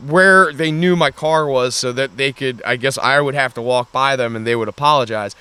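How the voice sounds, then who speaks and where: A man's voice: medium pitch, normal speed, bright, forceful tone, smooth. A man hosting a podcast, telling a rambling, profane story in casual chat with lots of fillers. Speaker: podcast host.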